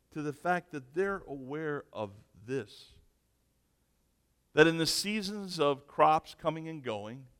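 A man preaching a sermon, slow and emphatic, moving between loud declarations and near-whispers. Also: mid-range voice, gravelly. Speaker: pastor. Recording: echoey hall.

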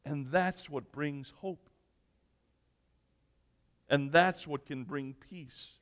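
A man preaching a sermon, slow and emphatic, moving between loud declarations and near-whispers. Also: fairly high pitch. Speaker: pastor. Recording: echoey hall.

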